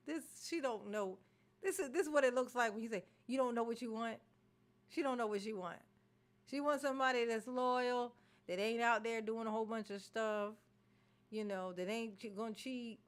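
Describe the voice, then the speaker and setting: A woman's voice: fairly high pitch, moderate pace. A woman from Maryland hosting a reaction video, ranting animatedly with swearing and laughter. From Maryland, USA. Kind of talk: casual reaction commentary.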